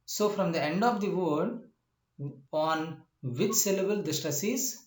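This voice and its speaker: A man teaching a lesson, explaining step by step, repeating points and often asking whether the listener understands. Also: sits high. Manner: slow, repetitive explanations with frequent "uh" and checking questions. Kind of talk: classroom lecture. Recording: echoey room.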